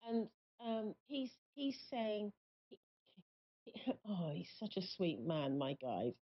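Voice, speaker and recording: Halting woman host, muffled lo-fi sound. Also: mid-range voice, very animated. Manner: halting, searching delivery with many pauses. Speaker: psychic radio host. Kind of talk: live call-in reading. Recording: muffled lo-fi stream audio.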